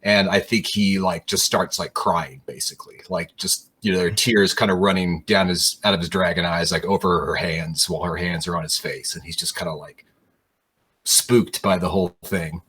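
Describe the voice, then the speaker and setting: A man playing a tabletop game, speaking hesitantly with soft fillers. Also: low voice, steady tone, moderate pace, husky. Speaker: player. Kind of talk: tabletop role-play.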